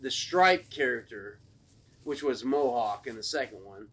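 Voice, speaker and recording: A man co-hosting a podcast, chatting casually and excitedly about old films, swearing often and acting out scenes in quick put-on voices. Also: mid-range voice, slightly rough. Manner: excited, profane, acts out film scenes in voices. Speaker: podcast co-host. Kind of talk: casual chat.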